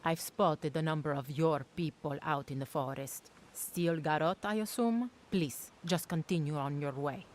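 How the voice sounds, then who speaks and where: A woman's voice: low-pitched, a little slow, hardly any pauses, a little hiss or hum. An actress playing a wary, proud young woman with a thick put-on Italian-style accent in a video game. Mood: curt. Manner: curt, then grudgingly thankful.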